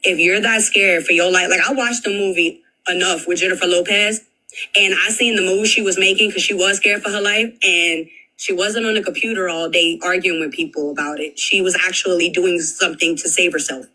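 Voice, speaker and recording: Blunt speaker with a bright voice. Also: medium pitch, fairly even intonation, a little fast, poor audio. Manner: blunt, rhetorical questions, lots of "like". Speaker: panel guest. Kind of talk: casual heated argument.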